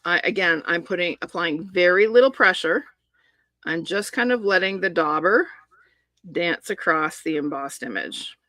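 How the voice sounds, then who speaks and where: A woman's voice: lowish voice, lively intonation, normal speed, bright, forceful tone, no room sound. Middle-aged lady talking thru a card-making demo, chatty and upbeat, dry close sound. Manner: chatty, enthusiastic, talks while working. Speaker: papercraft demonstrator. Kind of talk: live crafting demonstration.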